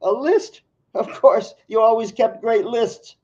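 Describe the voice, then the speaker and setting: A man voicing his late wife in a poem, a teasing, sharp-tongued older woman. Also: very high voice, a little slow, pitched above the performer's own voice. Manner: teasing, needling. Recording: dull lo-fi live recording.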